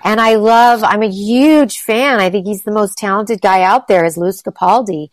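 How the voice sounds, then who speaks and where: A woman's voice: medium pitch, normal speed, no echo. A woman from Los Angeles chatting as an interview guest, enthusiastic and rambling, with lots of "like" and restarts. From Los Angeles, USA. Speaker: guest, actress and singer. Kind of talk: casual interview chat.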